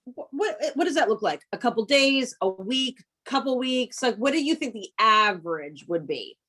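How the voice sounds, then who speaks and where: A woman team member asking questions on a video call, halting and restarting as she phrases them. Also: fairly high pitch, animated, sharp tone.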